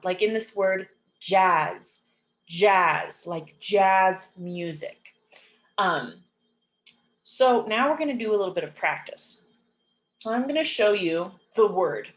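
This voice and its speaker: A woman teaching an English phonics lesson, saying each example word slowly and repeating it clearly and patiently. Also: mid-range voice. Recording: echoey room.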